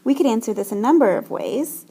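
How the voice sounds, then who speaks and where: A woman teacher gives a recorded voice-over lesson, explaining slowly and carefully while modelling French phrases. Her voice is slightly high, mellow and a little husky. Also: animated. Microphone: screen-recording voice-over.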